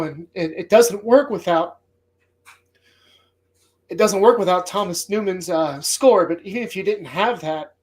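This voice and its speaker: A man hosting a movie podcast, talking casually in a rambling, heartfelt way and swearing often. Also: high voice. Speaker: podcast host.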